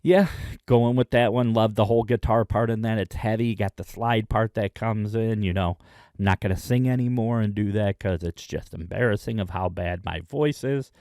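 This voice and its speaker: Chatty man with a low, dry voice. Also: a little mellow, no echo. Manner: chatty and enthusiastic, with frequent "uh" pauses. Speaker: music video host. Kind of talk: casual album rundown.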